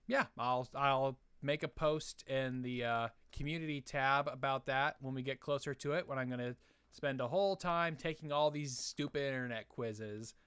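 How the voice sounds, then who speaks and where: A young man talks through chat questions on his live stream in a casual, halting way, full of fillers and restarts. His voice is smooth and clear, at an everyday pitch for a man. The sound is close and dry, with no room around it. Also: a bit bright, no room sound. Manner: hesitant, many fillers and restarts.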